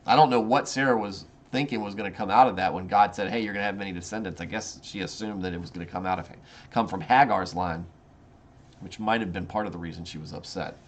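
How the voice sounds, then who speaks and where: A man's voice: sits low, fairly quick, a little hiss or hum. A man hosting a casual Bible study, reading scripture aloud and then commenting informally, often restarting his sentences.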